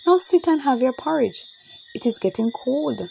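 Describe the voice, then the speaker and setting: A calm, patient mother in a children's audiobook, speaking, as a woman reader puts her on. Her voice is lifted somewhat above the reader's own, and it moves in a lively way. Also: sits high, moderate pace, creaky, slight background noise, pitched above the performer's own voice, full character voice, low-quality recording. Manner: calm and reassuring.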